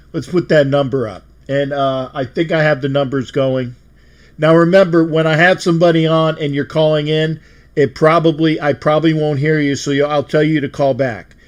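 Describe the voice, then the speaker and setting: A man hosting a fan call-in livestream, emotional and exuberant, often repeating himself. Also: fairly high pitch. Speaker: show host.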